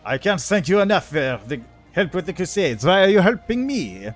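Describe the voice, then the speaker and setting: A man's voice: sits high, very animated, normal speed, soft background music. A man reading the lines of a plain-spoken male crusader hero in his own voice.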